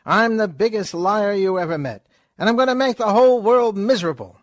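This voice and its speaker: A man's voice: sits high, no room sound, studio quality, voice pushed up, close to an everyday voice. A man doing a sly sardonic con man. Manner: sardonic, quick wisecracks. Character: sly fast-talking male con man. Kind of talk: comic reading with voices.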